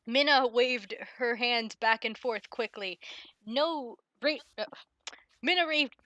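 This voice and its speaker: Bright, laughing woman host. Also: a little high, no room sound. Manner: laughs often, swears, reads with exasperation. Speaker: host of a fan fiction reading stream. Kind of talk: casual chat and comic read-aloud.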